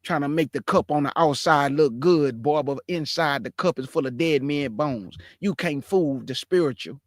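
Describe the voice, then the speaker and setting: A man hosting a reaction show, scolding and mocking a clip in loud, lively commentary. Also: on the high side, normal speed, no room sound, clean studio sound.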